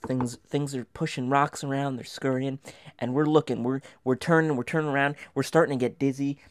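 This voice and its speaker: A man telling a comic, mock-terrifying story from his past, dropping to whispers and then rising into loud, frantic bursts. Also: mid-range voice, fairly even intonation, a little fast, clear, resonant tone. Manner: dramatic, dropping to whispers and rising to near shouts.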